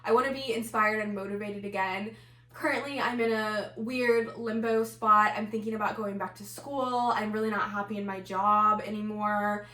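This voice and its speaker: A woman's voice: mid-range voice, fairly even intonation, normal speed, pushed and bright. A woman chatting to camera about her houseplants, talking casually with lots of fillers and sounding a bit winded. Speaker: plant and knitting vlogger. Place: home room. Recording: roomy echo, mic at a distance.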